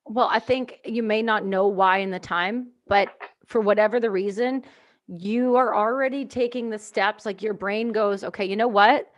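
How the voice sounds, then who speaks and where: A woman's voice: mid-range voice, steady tone, moderate pace, muffled recording. A woman hosting a podcast in casual chat, encouraging and blunt, swearing freely. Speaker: podcast host.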